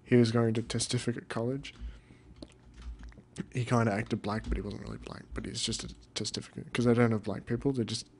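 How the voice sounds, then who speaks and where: A young man rambling through casual let's-play commentary, deadpan and cursing now and then. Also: mid-range voice, fairly quick, slight background noise. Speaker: gamer.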